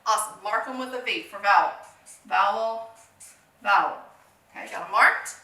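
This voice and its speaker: A woman's voice: medium pitch, moderate pace, bright, forceful tone, reverberant, recorded from a distance. A woman teaching a phonics lesson to young children, encouraging them, asking questions and answering them herself.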